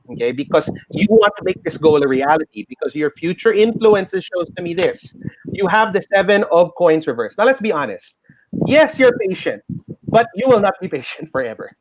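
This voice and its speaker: A middle-aged man with a Filipino accent explaining a tarot reading on the radio in an animated, reassuring way. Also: high-pitched. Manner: animated, reassuring, mixes in Tagalog phrases. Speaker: tarot reader guest. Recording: dull lo-fi radio sound.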